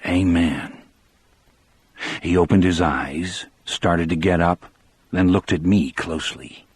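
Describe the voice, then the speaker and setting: A man narrating an audiobook in the first person, with measured storytelling. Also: low voice, husky, dry recording.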